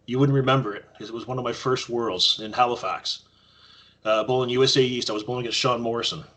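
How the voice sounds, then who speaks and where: Speaking at a quick pace with a medium-pitched voice, a Canadian man shares casual stories as a podcast guest. He's animated throughout and acts out whatever he quotes.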